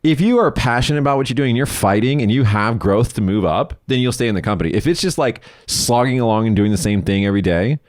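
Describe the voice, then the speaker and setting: A man co-hosting a podcast, telling stories in a casual, animated and profane way. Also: mid-range voice, fast, hardly any pauses, dry recording, clean studio sound. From United States. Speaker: podcast co-host.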